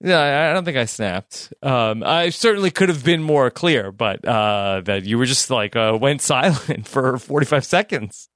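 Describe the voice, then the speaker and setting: A man co-hosting a casual podcast, teasing and laughing, with drawn-out filler pauses. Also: mid-range voice, expressive, fairly bright tone, no echo, studio quality. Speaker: podcast co-host.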